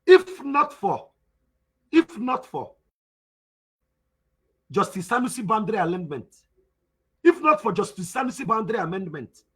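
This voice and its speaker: A man's voice: high voice, big pitch swings, normal speed, long pauses, fairly bright tone, husky. A Nigerian man with an Igbo accent, a native Igbo speaker, teaching in a spoken lecture, emphatic and repeating his points with rhetorical questions.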